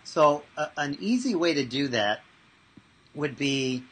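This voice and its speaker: Husky-voiced man, animated storyteller. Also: on the high side, slow pace, rough recording. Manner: animated, acts out voices in anecdotes. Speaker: mental toughness trainer. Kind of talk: interview answers with storytelling.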